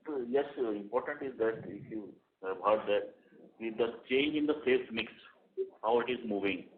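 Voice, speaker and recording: A man's voice: lowish voice, normal speed. A man, a company executive explaining figures on an earnings call and correcting himself as he goes. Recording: tinny phone-line conference call.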